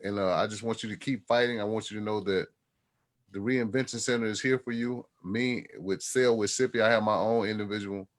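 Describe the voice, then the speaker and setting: A man hosting a talk show, encouraging his guest in a halting, casual way. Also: lowish voice, steady tone. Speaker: host.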